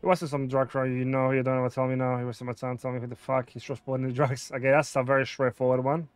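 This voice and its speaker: A man's voice: medium pitch, level tone, quick pace, clear, resonant tone. A man streaming a video game, casually reading out dialog choices and thinking aloud about what to pick. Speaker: gameplay streamer. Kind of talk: casual let's-play commentary.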